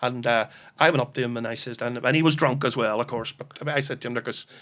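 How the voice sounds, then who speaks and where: A man's voice: mid-range voice, fairly even intonation, quick pace, a bit bright. A middle-aged man, co-hosting a podcast and telling a rambling anecdote full of fillers and restarts. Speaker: podcast co-host. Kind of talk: casual anecdotal chat.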